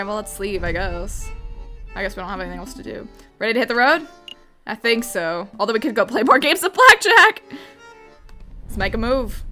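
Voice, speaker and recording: A woman's voice: mid-range voice, sharp tone. A young woman hosting a let's play, chatting casually with rambling asides while reading through a game.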